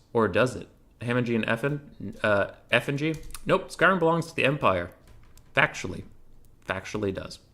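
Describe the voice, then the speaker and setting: A man's voice: mid-range voice, a bit bright. A man hosting a casual gaming Q&A, reading community questions and giving joking, offhand answers. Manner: joking, offhand, quick replies.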